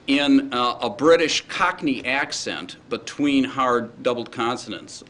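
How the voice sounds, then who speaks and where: Halting male teacher lecturing a class. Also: mid-range voice, a bit bright, a little hiss or hum. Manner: informal, halting, checks in with the class often.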